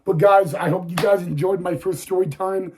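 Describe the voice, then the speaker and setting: A young man telling a personal story on his vlog, halting and repeating words, audibly emotional and close to tears. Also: high-pitched, fairly even intonation, a little mellow, a little hiss or hum. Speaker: YouTuber.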